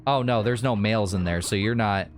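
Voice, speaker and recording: A man's voice: lowish voice, brisk, noisy background. A man hosting a gaming video, talking his game through casually and thinking aloud. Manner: relaxed, thinking aloud, with restarts and laughs.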